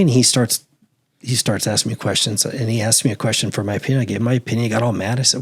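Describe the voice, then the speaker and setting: A man's voice: fairly low pitch, fast, slightly rough. A middle-aged man, a retired sheriff's detective, telling stories in a casual interview and acting out the voices of the people he quotes. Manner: animated, acts out quoted voices in anecdotes. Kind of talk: casual storytelling.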